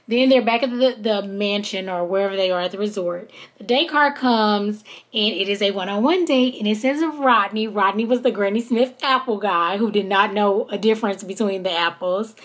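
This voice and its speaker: Talking a little fast in a medium-pitched voice, a woman hosts a podcast where she retells a reality-show episode. Her chatty, animated recap is peppered with quoted lines from the cast.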